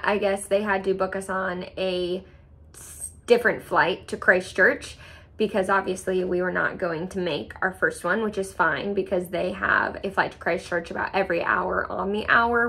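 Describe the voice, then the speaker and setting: Animated young woman telling a travel story. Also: medium pitch, moderate pace, vocal fry. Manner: animated, laughs often, acts out quoted reactions. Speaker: travel vlogger. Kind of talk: casual storytelling vlog.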